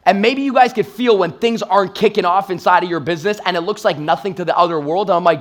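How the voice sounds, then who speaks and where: A man's voice: sits high, fast, few pauses. A man in his thirties from Toronto, Canada, giving an intense motivational stage talk as a sales trainer and acting out quotes as he tells stories. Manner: intense, hype-driven storytelling with acted-out quotes. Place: stage in a live event room.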